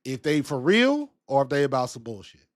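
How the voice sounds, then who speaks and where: A man hosts a relaxed football talk stream, speaking conversationally and reacting to viewers' comments as they come in. His voice sits at a middle pitch and sounds close and dry, with almost no room around it. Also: brisk, dry recording. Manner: laid-back, conversational, reads and answers chat. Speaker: sports talk show host. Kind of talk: casual live-stream chat.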